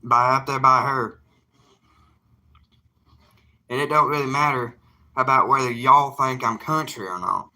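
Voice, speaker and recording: Speaking to his audience in a relaxed vlog monologue, this young evangelist with a Southern US drawl leans on folksy emphasis and repeated lines. His voice is mid-range, pushed and bright, at a normal speed.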